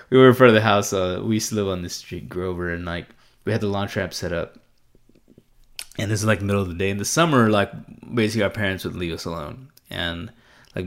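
A young man telling stories to a camera in a casual, rambling, profane way, with many fillers and bursts of laughter. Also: lowish voice. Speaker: vlogger. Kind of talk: casual storytelling.

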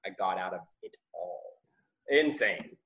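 A man's voice: low-pitched, unhurried, rough recording. A young man, a guest entrepreneur, telling stories in a casual interview, swearing freely and laughing often. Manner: animated, profane, laughs often.

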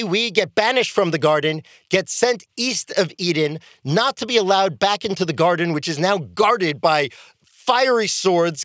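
An enthusiastic rabbi hosting a podcast and telling a story. His voice is high for a man, and his pitch swings widely. The recording is dry and close. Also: dry recording. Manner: animated, enthusiastic.

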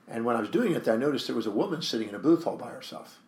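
A man's voice: medium pitch, animated, rapid-fire, darkish tone, reverberant. A man, a guest speaker and author, telling a story in an interview and acting out the dialogue with animation.

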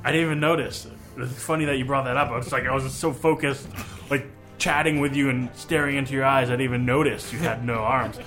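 A man's voice: medium pitch, steady tone, fast talker, a bit bright, faint music behind. A man chatting and joking as a player in a tabletop game, laughing often.

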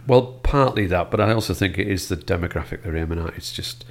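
Gravelly, dry-humored older man. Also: low voice, fast. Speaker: film guest. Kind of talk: casual film chat.

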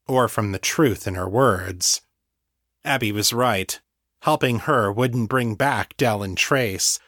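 A man narrating his own novel as an audiobook in a measured, steady way. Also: mid-range voice, no echo, clean studio sound.

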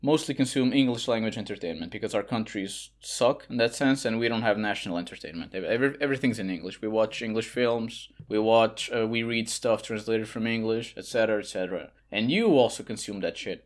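A man from Portugal speaks English with a Portuguese accent, his voice sitting on the low side. He rambles in a relaxed podcast chat, full of fillers and false starts. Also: fast, hardly any pauses. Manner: rambling, frequent fillers and restarts. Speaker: guest. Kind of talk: casual podcast conversation.

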